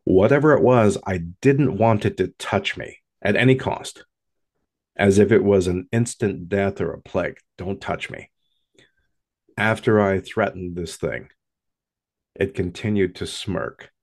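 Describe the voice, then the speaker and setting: A man recounts his own paranormal experience at a slow, hushed pace that builds drama. His voice sits very low. It carries a gravelly rasp all the way through. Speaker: storyteller. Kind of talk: first-person paranormal story.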